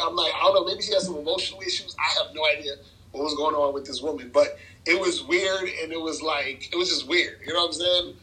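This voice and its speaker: A man's voice: fairly high pitch, fast, pushed and bright, poor audio. A man, telling a dating story in casual chat, loose and rambling, laughing often. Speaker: podcast guest, dating coach.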